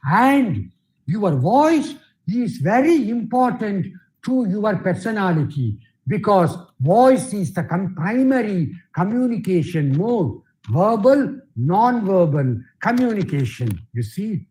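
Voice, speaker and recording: A man's voice: high-pitched, very animated, takes it slowly, a little mellow, poor audio. A middle-aged man giving a workshop lecture on voice training, repeating his phrases and often saying "you see". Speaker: guest speaker, theatre director and English professor.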